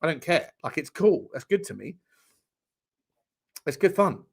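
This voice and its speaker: A man's voice: fairly high pitch, big pitch swings, measured pace, gravelly, slightly rough. A man hosting a casual football watchalong stream, rambling and joking with frequent stammering restarts. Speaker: football channel host.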